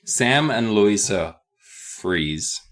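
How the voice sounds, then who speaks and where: A man's voice: lowish voice, expressive, extremely slow, fairly bright tone. A man co-hosting a comedic book recap podcast, sarcastic and swearing freely. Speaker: podcast co-host.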